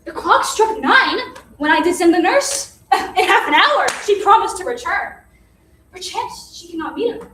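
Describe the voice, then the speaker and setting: A woman plays an eager young girl in love who cannot wait for news. The voice is very high and lively with a pleading push. It sounds distant in an echoey hall with faint noise. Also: a little slow, exaggerated voice. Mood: impatient. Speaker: amateur stage actor. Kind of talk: unrehearsed stage reading. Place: theater stage.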